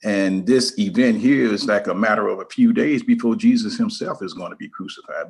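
A man in a Bible study group answering a question, hesitant, with many pauses and fillers. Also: lowish voice, gravelly, husky.

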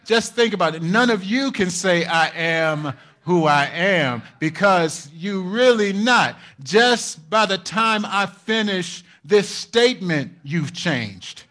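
A man's voice: sits high, animated, takes it slowly, pushed and bright. A man pastor preaching a sermon, repeating his points and checking in with the congregation, with frequent chuckles. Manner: repetitive, asks the congregation for responses; chuckles often while preaching.

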